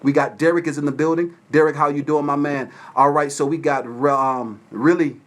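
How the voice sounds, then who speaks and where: A man from Atlanta, Georgia, hosting a casual livestream from his phone at home and shouting out viewers by name. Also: fairly high pitch, fairly even intonation, brisk, few pauses, slight background noise. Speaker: livestream host. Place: at home with windows open.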